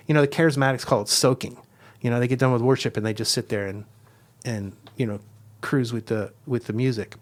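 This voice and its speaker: A man of ordinary pitch talks through a spiritual practice step by step, earnest and reflective. He slows down now and then to lean on key words, like a guest teacher on a podcast. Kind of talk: explaining a devotional method.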